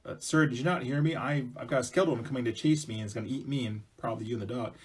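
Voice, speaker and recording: A man's voice: very fast, breathy edge, lightly acted. A man voicing a frantic male hunter in a spoken folk tale, flustered and stammering as he pleads. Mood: panicked. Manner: flustered, stammering and high-pitched.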